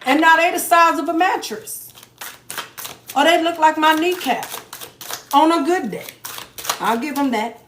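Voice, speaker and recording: This woman's fairly bright, high-sitting voice moves a little slowly, with long pauses, as she casually reads tarot for her viewers. She's blunt and swears, adding joking asides, in an echoey space with faint background noise.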